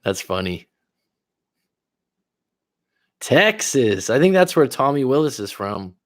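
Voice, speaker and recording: Male life coach, mid-pitched, loose and profane livestream chatter, dry close sound. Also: very animated, moderate pace, no echo. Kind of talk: casual livestream chat reading viewer comments.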